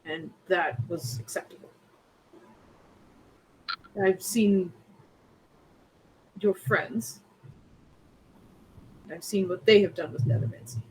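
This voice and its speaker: A woman's voice: on the low side, takes it slowly, long pauses, slight background noise, rough recording. A woman running a tabletop game as its game master, narrating with frequent laughs and fillers. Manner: giggly, lots of fillers.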